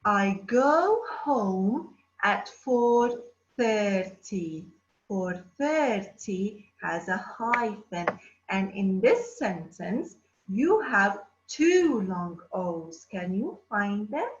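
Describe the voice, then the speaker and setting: A woman teaching an English lesson to children, drawing out words slowly and asking the class questions. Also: medium pitch, big pitch swings, slight background noise. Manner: slow, drawn-out words, addressing children. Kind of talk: distance-learning phonics lesson. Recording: roomy, dull lo-fi sound.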